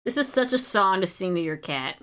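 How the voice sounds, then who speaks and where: A woman's voice: medium pitch, lively intonation, fairly quick, a bit bright. A woman streaming as an artist, chatting casually while she draws, giggly, chatty and self-mocking. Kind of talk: casual chat while drawing.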